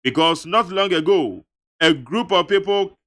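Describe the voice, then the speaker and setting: A Ghanaian man hosts a radio show and reads out listener messages one after another, his voice bright and forceful. His delivery is emphatic and lively, and he slips between reading and quick asides in his own language. He sits in a radio studio. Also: sits high.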